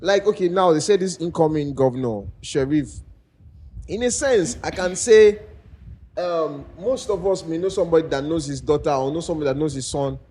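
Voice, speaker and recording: A man's voice: fairly high pitch, a little fast, dark tone, slightly rough. A Nigerian man co-hosting a podcast, chatting casually and animatedly and laughing as he tells stories. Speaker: podcast co-host. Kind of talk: casual chat.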